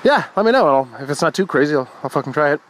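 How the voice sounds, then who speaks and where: A man's voice: fairly high pitch, big pitch swings, rapid-fire, a bit bright, slight background noise. A young man hosting a casual morning podcast, rambling and wry, swearing freely. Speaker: podcast host.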